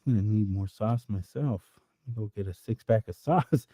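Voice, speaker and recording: A man's voice: fairly low pitch, moderate pace, dark tone. A man hosting a livestream, reading chat and riffing through improvised comic rambles that swear freely.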